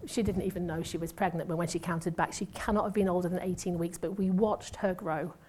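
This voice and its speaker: A woman's voice: fairly low pitch, steady tone, brisk, warm tone, slight background noise. A woman, a former nurse sharing a testimony sermon in a chatty, self-mocking way with asides. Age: 50s. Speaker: church speaker and former nurse.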